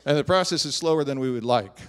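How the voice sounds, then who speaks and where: A middle-aged man preaching a sermon as pastor, swinging from loud emphatic declarations to soft, quiet asides. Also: mid-range voice, fast talker. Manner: animated preaching, rising loud on emphatic lines, dropping soft on personal asides. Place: church sanctuary.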